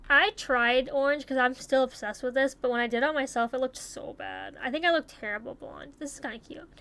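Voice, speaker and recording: A young woman chatting casually as she takes online quizzes, swearing freely and thinking out loud. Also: high-pitched, a little fast, smooth. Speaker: YouTuber taking online quizzes. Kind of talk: casual commentary while playing.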